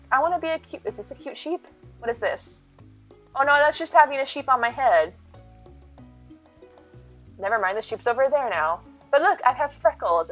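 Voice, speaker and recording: A woman streaming live and chatting with viewers, playful and silly, full of jokes and puns. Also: high voice.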